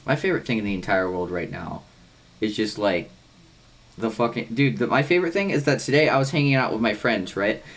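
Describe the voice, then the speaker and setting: A man's voice: on the low side, animated, fairly quick. A young man co-hosting a podcast, telling long rambling stories with lots of swearing and acted-out quotes. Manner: rambling storyteller, swears a lot, acts out quotes. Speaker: podcast co-host. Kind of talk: casual chat.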